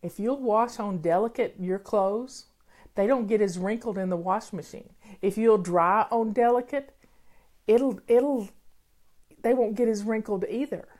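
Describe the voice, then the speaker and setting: A woman's voice: mid-range voice, unhurried, a little mellow. An older woman, chatting casually and folksily with her viewers as a home-organizing host. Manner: chatty, folksy, talks over background music. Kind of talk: casual live chat with viewers. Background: faint music playing.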